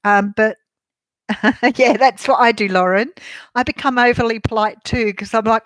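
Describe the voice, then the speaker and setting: A woman's voice: on the high side, steady tone, unhurried, fairly bright tone, dry recording. Chatty Australian woman, dry close sound. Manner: chatty, candid, laughs easily, many ums. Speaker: tarot channel host. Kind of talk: casual livestream chat answering viewers.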